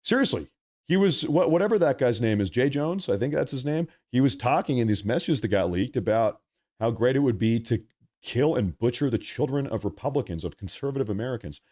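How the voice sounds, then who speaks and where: A man's voice: medium pitch, expressive, a little fast, darkish tone. A young man hosting a live political stream, ranting in a heated, rambling way and reading from the chat. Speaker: political livestream host.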